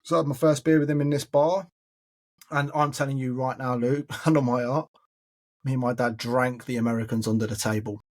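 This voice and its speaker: Husky English man telling stories. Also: medium pitch, steady tone, brisk, darkish tone. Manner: chatty, keeps addressing the listener as mate. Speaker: podcast host telling his story. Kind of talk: casual storytelling chat.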